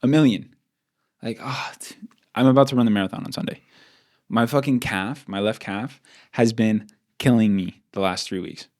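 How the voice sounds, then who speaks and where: A man co-hosting a podcast in casual chat, blunt and profane, ranting fast with lots of "like". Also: lowish voice, darkish tone. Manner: fast rants with repeated "like". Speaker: podcast co-host.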